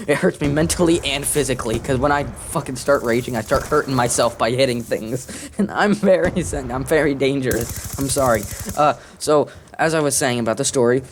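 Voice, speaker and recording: A man's voice: mid-range voice, a little fast, a little hiss or hum. A man telling a rambling, profane story while playing a video game, often laughing and cursing. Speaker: gaming commentator.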